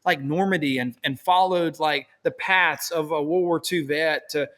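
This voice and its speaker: A man's voice: on the high side, normal speed, a bit bright, long reverb tail. A man being interviewed as a podcast guest, telling his story in an enthusiastic, rambling way. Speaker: podcast guest, hotel owner. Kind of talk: casual conversational interview.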